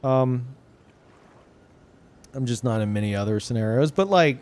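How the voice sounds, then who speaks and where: A man's voice: mid-range voice, sing-song, a little slow, pauses often, darkish tone. A man from Louisiana chatting casually on a live stream, rambling and swearing, with many restarts.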